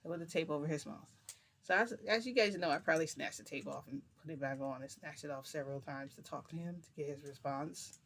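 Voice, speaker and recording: A woman's voice: deep voice, fast, fairly bright tone, slight background noise. Woman vlogger, casual storyteller; rambling, chatty, loose delivery with many restarts.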